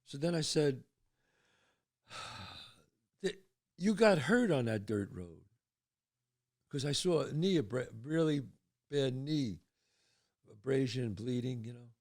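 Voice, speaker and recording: An older man hosting his show, telling a personal story in a casual, animated way and dropping low and quiet at the tense parts. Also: slow pace, pauses often. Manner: animated storyteller, drops to hushed tones for suspense. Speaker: podcast host.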